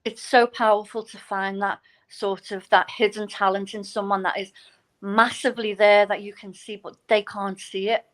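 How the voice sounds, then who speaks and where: A woman's voice: medium pitch, moderate pace, poor audio. A middle-aged woman, telling stories in a casual chat as a guest and acting out the people she quotes. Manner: animated, acts out quoted voices. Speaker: guest, novelist and poetry teacher.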